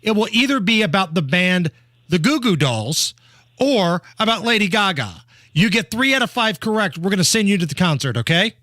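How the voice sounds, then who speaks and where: A male talk radio host bantering and running a call-in contest, brisk and playful. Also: high-pitched, big pitch swings, sharp tone, no echo, clean studio sound. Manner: brisk, playful, laughs often. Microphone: studio microphone.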